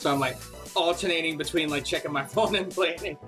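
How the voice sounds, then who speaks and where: A man giving casual, joking game commentary, quick to react. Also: on the high side, over music. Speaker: let's play host.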